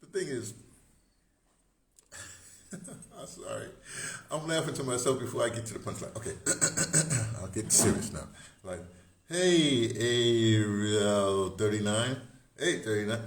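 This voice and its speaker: A man talking casually to camera, rambling and chuckling at his own jokes. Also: mid-range voice. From United States. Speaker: vlogger. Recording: roomy echo with faint noise.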